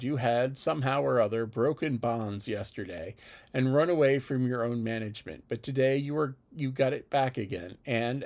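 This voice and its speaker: A man voicing a spirited, witty young gentlewoman with a teasing manner. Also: mid-range voice, lightly acted.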